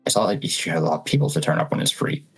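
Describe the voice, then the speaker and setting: Deep-voiced Scottish man, halting. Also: expressive, creaky, soft background music, rough recording. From Scotland. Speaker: co-host. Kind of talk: casual livestream chat.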